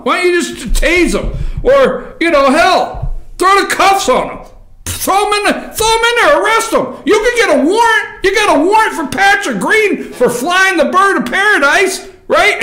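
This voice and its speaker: A man hosting a local political show, mocking and laughing as he reads documents aloud, often shouting. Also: very high-pitched, echoey room. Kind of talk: animated commentary, reading documents aloud.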